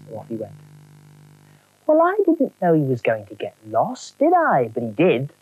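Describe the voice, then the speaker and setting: A woman narrating a children's storybook in a wry, animated way. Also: very deep voice, normal speed, poor audio.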